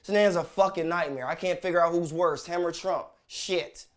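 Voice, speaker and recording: A man's voice: a little high, steady tone, normal speed. A man delivering blunt, sarcastic commentary as a vlogger, swearing heavily as he rants. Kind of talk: profane ranting commentary.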